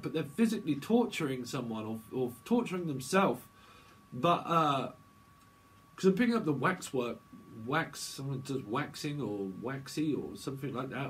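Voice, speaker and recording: A man's voice: medium pitch, a bit bright, slight background noise. A man giving a casual tarot reading, talking in a playful, rambling way and slipping into silly voices. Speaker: tarot reader.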